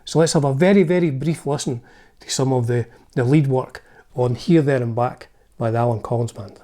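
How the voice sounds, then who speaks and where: A man's voice: mid-range voice, normal speed, warm tone. A man with a Scottish accent, hosting his music channel and narrating a band's history in a chatty, enthusiastic way with asides.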